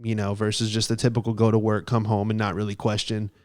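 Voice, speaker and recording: A man's voice: fairly low pitch, monotone, fast talker, darkish tone. A young man hosting a podcast, telling a story in a casual, comic, rambling way, with swearing and lots of fillers. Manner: rambling, profane, heavy on fillers. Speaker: podcast host.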